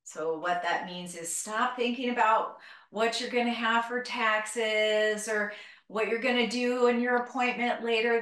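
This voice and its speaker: A woman teaching a live group yoga class, giving calm, gentle cues and a little out of breath. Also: mid-range voice. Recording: roomy, from a distance.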